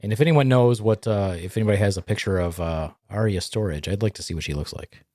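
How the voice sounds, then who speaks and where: A man's voice: lowish voice, fast talker, dark tone, dry recording, studio quality. A man co-hosting a podcast, bantering sarcastically and teasing his co-host with frequent swearing. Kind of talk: casual banter.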